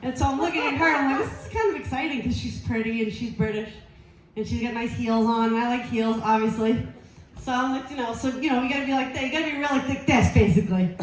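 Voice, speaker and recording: A woman's voice: a little high, quick pace, a crowd in the background. A woman doing a stand-up set, rambling and crude, losing her place and laughing at herself. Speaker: stand-up comedian. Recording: very echoey room.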